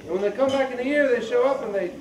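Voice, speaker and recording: A man with a very high voice spins a long joke from a stage, dropping into quick voices for each character. He sounds far from the mic in an echoey hall, with a loud crowd around him. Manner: loose storyteller, puts on voices for the people in his jokes. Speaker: comedian in a family variety act. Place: large hall, live show.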